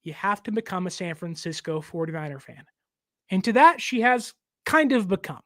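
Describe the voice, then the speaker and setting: A young man hosting a casual sports talk show, given to animated joking rants. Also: sits high, normal speed, no echo, studio quality. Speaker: show host.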